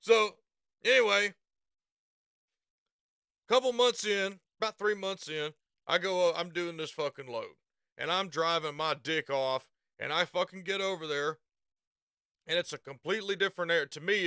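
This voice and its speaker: A man's voice: high voice, moderate pace, sharp tone, smooth, no echo, clean studio sound. A man with a Southern US accent telling a rambling, profane story and laughing at himself. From Southern United States. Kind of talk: casual storytelling.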